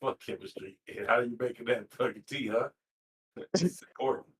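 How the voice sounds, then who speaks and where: A man streams a game while chatting casually with friends, teasing them and swearing heavily. His mid-range voice is brisk and his manner animated and profane.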